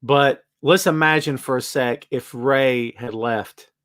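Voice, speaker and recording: A man hosting a casual live-stream chat, reading viewer comments aloud and answering them in an animated, emphatic way. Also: takes it slowly. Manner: wide swings in pitch and loudness, emphatic. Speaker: host.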